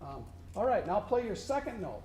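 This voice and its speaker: A man's voice: sits high, sing-song, moderate pace, darkish tone. A man working as a contest judge, coaching a student band and singing rhythms aloud to show them. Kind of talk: instructional clinic to a student band. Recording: echoey room with faint noise.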